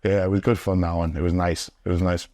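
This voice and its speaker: Sweary young wrestler, deep voice. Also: male voice, flat delivery, quick pace, a little mellow, dry recording, clean studio sound. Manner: sweary and rambling, filler-heavy. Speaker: interviewee, pro wrestler. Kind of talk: casual storytelling. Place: indoors, sit-down interview.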